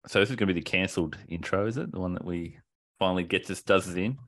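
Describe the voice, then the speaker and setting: A man's voice: sits low, fast, a bit bright. A man co-hosting a podcast, teasing the others with dry sarcasm. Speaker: podcast co-host and editor. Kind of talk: casual podcast banter.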